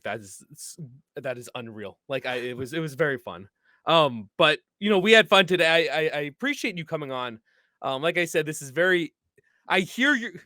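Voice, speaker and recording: Bright-voiced male podcast host. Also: a little high, no echo, clean studio sound. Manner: enthusiastic, laughs often. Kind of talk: casual chat.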